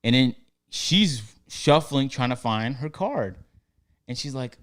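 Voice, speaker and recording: A man's voice: mid-range voice, slow pace. Young man telling a story with slang. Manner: animated, acts out both sides of the story with slang. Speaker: podcast host telling a story. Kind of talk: casual storytelling chat.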